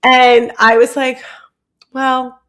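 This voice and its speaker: A young woman telling a long personal story in casual podcast chat, rambling and animated, with many "like"s. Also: medium pitch, moderate pace. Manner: rambling, animated, heavy use of "like". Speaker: podcast guest.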